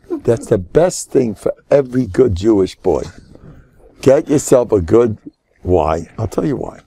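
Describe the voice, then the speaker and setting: A man's voice: mid-range voice, creaky, mellow, dry recording. An older man, a rabbi giving a jovial, laughing Purim sermon with mock-dramatic asides. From United States.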